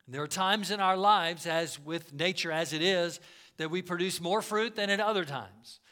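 Bright, high-voiced preaching man. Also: moderate pace. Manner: earnest preaching, swings between loud emphasis and soft asides. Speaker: pastor. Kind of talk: sermon.

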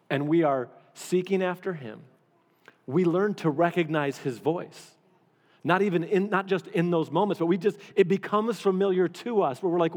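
Pastor preaching in a big hall. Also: male voice, high voice, darkish tone. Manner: conversational, repeats phrases for emphasis. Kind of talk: sermon. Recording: long hall reverb.

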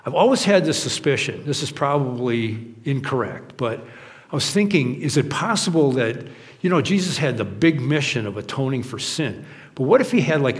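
A man's voice: mid-range voice, animated, moderate pace. Guy preaching in church, chatty and loose, paraphrasing jesus like a buddy, voice ringing round a big hall. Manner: conversational, paraphrasing scripture in a casual voice. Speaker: pastor. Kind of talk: sermon.

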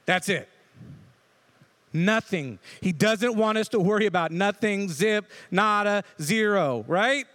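A man's voice: high voice, slow, fairly bright tone. A man preaching a conversational sermon as pastor, who talks casually and keeps checking in with the listeners by asking "right?". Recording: long hall reverb.

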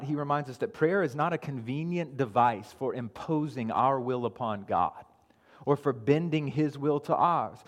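A pastor preaches a sermon in a church sanctuary, teaching calmly before building to raised, insistent emphasis, often repeating and restarting phrases for weight. His voice is mid-range, and the recording has a long hall reverb.

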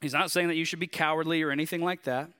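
A man with a Southern drawl preaching a sermon in a conversational, animated way, asking his listeners questions. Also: a little high, racing, clean tone. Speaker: pastor.

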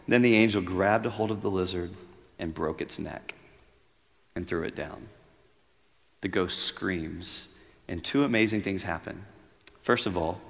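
A man's voice: lowish voice, creaky, in a large hall. A man giving an earnest, reflective sermon at a retreat, reading a story aloud. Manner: earnest, reflective, growing quiet and intimate. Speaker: retreat speaker. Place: room at a retreat.

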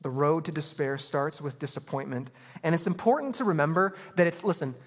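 Casual animated male preacher in a hall. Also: fairly high pitch, fairly quick. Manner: conversational, animated retelling with casual slang. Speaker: pastor. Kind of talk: sermon.

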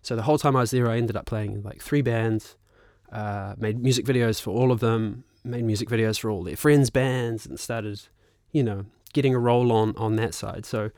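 A man's voice: lowish voice, moderate pace, hardly any pauses, dry recording. Kiwi guy in his 30s, chatty and swears a lot, dry close mic. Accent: New Zealand. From New Zealand. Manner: animated, swears freely, laughs often. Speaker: guest musician and actor. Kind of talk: casual storytelling.

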